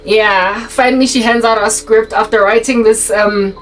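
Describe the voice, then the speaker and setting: Brief: young South African woman, lively casual storyteller, a bit high-voiced, faint music behind. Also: normal speed, low-quality recording. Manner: animated, mixes in Sesotho phrases, restarts often.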